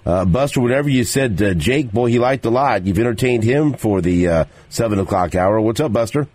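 A man's voice: medium pitch, lively intonation, brisk, darkish tone. A male sports radio host in casual on-air talk, often stumbling and repeating words as he goes.

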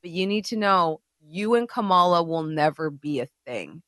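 A woman co-hosting a podcast who talks in a candid, profane and animated way, acting out scenes as she goes. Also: fairly low pitch, moderate pace, no echo, clean studio sound. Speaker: podcast co-host. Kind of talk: casual chat.

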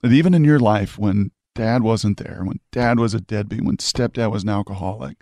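A middle-aged man hosts an interview, carrying his stories with animated emphasis. His voice sits a little low with a gravelly, creaky edge. It is recorded close and dry, with no room sound. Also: normal speed, no room sound. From Puyallup, Washington, USA. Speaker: host. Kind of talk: conversational storytelling interview.

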